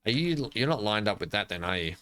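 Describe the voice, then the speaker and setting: Bright-voiced Australian man rambling through gameplay. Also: lowish voice, sing-song, fairly quick. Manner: rambling, playful, talks to himself. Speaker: gaming channel host. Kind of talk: casual gameplay commentary.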